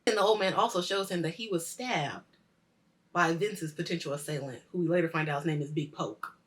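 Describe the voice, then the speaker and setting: A woman hosting a weekly show, casually reviewing a TV episode, animated and swearing freely as she acts out the scenes. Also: on the low side, fairly quick. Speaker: host of a weekly culture show.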